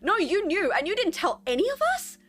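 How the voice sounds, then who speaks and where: A woman's voice: very high-pitched, sing-song, fairly bright tone, faint music behind, voice pushed up, exaggerated voice. A woman voicing an angry young woman who confronts her companions in a role-play game. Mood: furious. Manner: accusing, rapid outburst.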